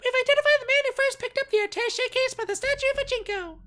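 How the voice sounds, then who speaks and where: A man's voice: extremely high pitch, fast talker, bright, forceful tone, pitched above the performer's own voice. A man voicing a stern male police director giving orders over the radio in a clipped, official manner. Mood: briefing.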